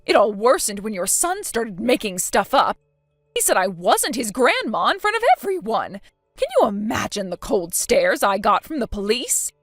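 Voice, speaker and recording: Playing a conniving old grandmother in a texting story, a woman sounds indignant and self-pitying, forever defending herself. Her slightly high voice swings lively at a moderate pace, recorded dry and close over faint music.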